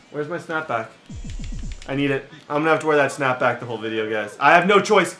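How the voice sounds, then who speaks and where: A man's voice: mid-range voice, moderate pace, bright, forceful tone, faint music behind. A young man casually commenting on his own video game play, chatty and self-mocking, with lots of filler words. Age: young adult. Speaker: gaming YouTuber.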